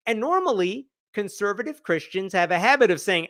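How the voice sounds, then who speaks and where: A man's voice: high-pitched, big pitch swings, fairly quick, few pauses, a bit bright, no room sound, studio quality. A man hosting a live news commentary stream, talking conversationally with a sarcastic edge. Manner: reads quotes aloud with shifting emphasis. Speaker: host.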